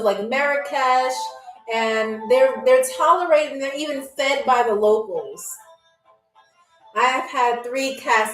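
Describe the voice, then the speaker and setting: A woman hosting a live-stream game show, chatting with viewers in a playful, teasing, sarcastic way. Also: high-pitched. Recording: echoey room.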